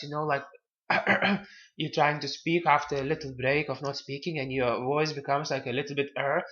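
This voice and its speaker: Male self-help presenter, slightly high voice, halting and repetitive delivery, dull lo-fi audio. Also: a bit bright. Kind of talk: casual advice talk.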